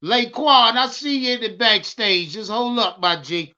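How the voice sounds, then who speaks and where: A man hosting a live stream, loudly hyped and swearing as he ranted about football and answered his chat. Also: sits high, expressive, a little slow, highs cut off. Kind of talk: profane live-stream sports rant.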